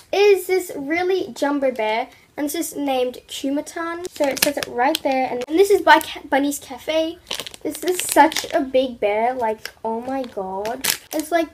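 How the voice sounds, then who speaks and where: A young woman vlogger unboxing products in an excitable, gushing way, full of exclamations. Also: high voice, noisy background.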